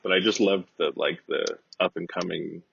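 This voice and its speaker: A man casually telling a rambling, profane, deadpan comedic story as a podcast host. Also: deep voice, normal speed, creaky, slight background noise. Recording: dull lo-fi dry recording.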